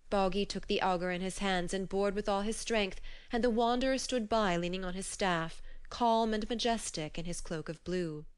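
A woman narrating an old myth collection as an audiobook, in measured, even storytelling. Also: medium pitch, clear, resonant tone.

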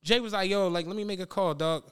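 A man's voice: high voice, quick pace, fairly bright tone, smooth. A man hosting a podcast, telling a story in casual chat and acting out the quotes, with lots of profane slang. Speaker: podcast host.

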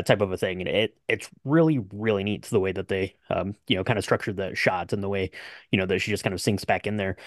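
A young adult man with a lowish voice co-hosts a podcast, chatting casually about a movie. He rambles, full of fillers and restarts, and the studio-quality recording has no room sound.

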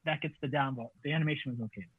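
A man's voice: mid-range voice, steady tone, very fast, phone-quality sound. A man chatting casually on a comics podcast, laughing often and cutting himself off. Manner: laughs a lot, self-interrupting. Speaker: podcast panelist. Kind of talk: casual chat.

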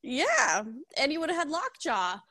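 Eager young woman, slightly high voice. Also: huge pitch swings, measured pace, pushed and bright. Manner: eager, reads quotes aloud, says yeah a lot. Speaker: book club podcast co-host. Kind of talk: casual chat, reading passages aloud.

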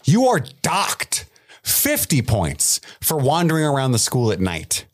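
A man co-hosting a podcast, chatting casually and profanely about a movie with big swings in pitch. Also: a little slow. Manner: animated, profane, swings pitch widely for emphasis. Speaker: podcast co-host. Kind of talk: casual movie review chat.

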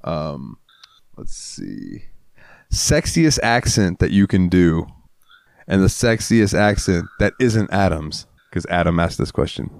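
Low voice guy rambling on a podcast, bouncy up and down, dry close sound. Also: big pitch swings, takes it slowly, creaky, no room sound. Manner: rambling, laughing, crude. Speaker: podcast co-host. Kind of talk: casual chat.

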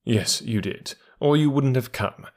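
A man voicing a cool, commanding gentleman burglar in an audiobook, with a measured, sneering manner. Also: medium pitch, close to an everyday voice. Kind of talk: audiobook character reading.

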